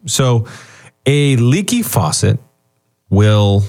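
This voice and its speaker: A man talking as a guest expert on a radio show, animated and joking as he explains. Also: medium pitch, extremely slow. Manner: animated and joking, acts out quoted people. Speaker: guest author and retirement expert. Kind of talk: radio talk show conversation.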